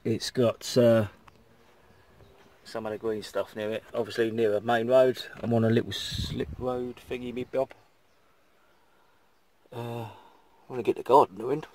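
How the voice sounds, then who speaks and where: A man's voice: medium pitch, a little mellow. Rambling man, casual vlog. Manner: chatty, rambling, swears casually. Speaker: campervan vlogger. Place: outdoors by a campervan in the sun.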